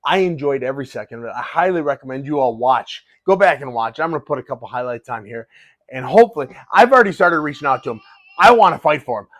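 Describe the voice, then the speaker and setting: A middle-aged man and fighter talking excitedly in a casual vlog, often restarting his sentences. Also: mid-range voice, quick pace, no room sound. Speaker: fighter and vlogger.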